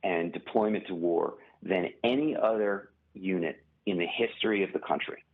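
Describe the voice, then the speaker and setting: A man with a deep, husky voice comes through a tinny phone line. He talks as a guest author in an interview, in a measured, halting way, pausing and restarting as he picks his words. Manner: measured, many pauses and restarts.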